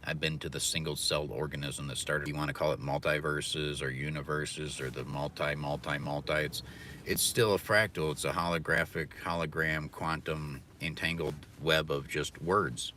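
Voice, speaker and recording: A man's voice: very deep voice, fairly even intonation, moderate pace, sharp tone, a little hiss or hum. A man ranting profanely and philosophizing from his car during a casual livestream. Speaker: livestreaming delivery driver.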